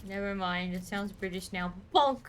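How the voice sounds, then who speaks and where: A woman's voice: medium pitch, moderate pace, a bit bright, slight background noise. A woman with an Australian accent, chatting playfully and teasing her co-player while streaming a game. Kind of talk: casual gaming chat.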